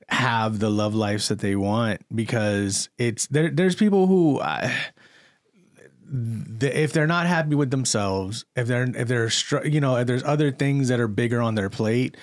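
A man's voice: medium pitch, no room sound, studio quality. A young man co-hosting a casual movie podcast, rambling with lots of fillers and restarts. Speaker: podcast co-host. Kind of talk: casual movie-review chat.

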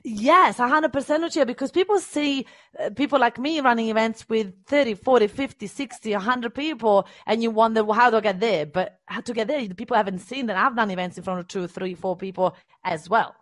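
A woman hosting a live coaching session, talking in an energetic, encouraging and emphatic way. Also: fairly high pitch, brisk, no room sound. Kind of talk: live-stream coaching chat.

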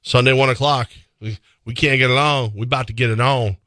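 A man's voice: mid-range voice, fairly even intonation, fairly quick, pushed and bright, dry recording. A man co-hosting a sports radio show, chatting casually and rambling through a live ad read, laughing easily. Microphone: studio microphone.

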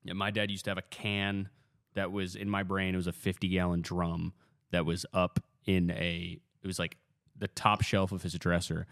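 A man's voice: deep voice, level tone, normal speed, gravelly, fairly bright tone, no room sound, clean studio sound. A man co-hosting a podcast, chatting casually and making jokes, often laughing as he talks. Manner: loose, joking, laughs often. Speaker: podcast co-host. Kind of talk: casual comedic chat.

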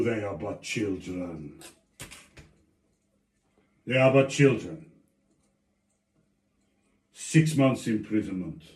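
In an echoey room, a man voices an honorable blonde dwarf senator, stern and solemn, making slow, grave pronouncements of judgment. His own voice is mid-range, close to an everyday sound.

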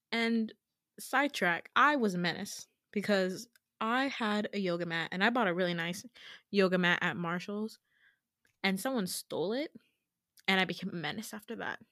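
A woman in her twenties, a podcast host, telling a story in a casual, animated way, giggling and swearing freely. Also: on the high side, dry recording, studio quality.

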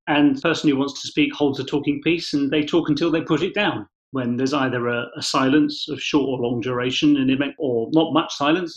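A man speaking as a podcast guest, explaining his ideas in a thoughtful, measured way with gentle restarts. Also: medium pitch. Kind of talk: reflective conversational explanation. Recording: slightly dull lo-fi sound.

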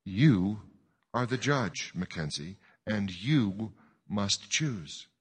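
A man voicing a calm, wise woman who quietly presses a grieving father, speaking slowly and gently. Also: fairly low pitch, slightly rough, exaggerated voice. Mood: probing. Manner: slow, quiet, gently probing. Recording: long hall reverb.

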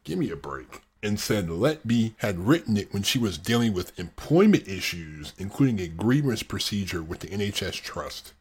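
Husky guy reading a true crime podcast, lowish voice, drops in dry snarky asides. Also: expressive, moderate pace, hardly any pauses, a little mellow. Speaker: podcast host.

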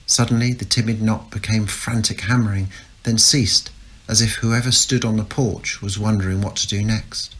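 Husky man reading fiction aloud. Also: lowish voice, normal speed, fairly bright tone, poor audio. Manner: understated but punchy delivery. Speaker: reader of a submitted manuscript. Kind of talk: dramatic reading of a novel excerpt.

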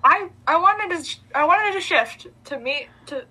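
A playful woman co-hosting a podcast, with a high, bright voice. Her pitch swings widely as she jokes, and her delivery is lively and animated. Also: moderate pace. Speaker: podcast co-host. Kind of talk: casual chat.

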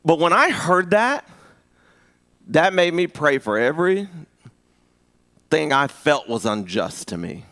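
A man preaching a live sermon, conversational and full of restarts, rising to high emphatic peaks. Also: fairly bright tone. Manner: conversational with repeated restarts and rhetorical asks. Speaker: pastor.

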